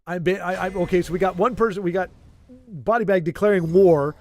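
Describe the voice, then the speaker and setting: A man's voice: sits high, brisk, a little mellow, slight background noise. A man chatting casually with his livestream audience, rambling and playfully arguing, with many restarts. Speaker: streamer.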